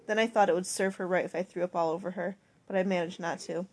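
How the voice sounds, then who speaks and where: A woman's voice: on the low side, steady tone, fast, a little mellow, husky. A woman narrating a first-person audiobook in an emotional, confessional diary-like reading.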